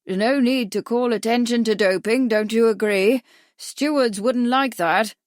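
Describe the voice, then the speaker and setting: Woman putting on a deaf grumpy old doctor, loud and snappy, kinda high. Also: a little slow, no room sound, clean studio sound, natural voice. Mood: gossiping. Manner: loud, sharp, scolding. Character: deaf, gruff elderly male racing doctor.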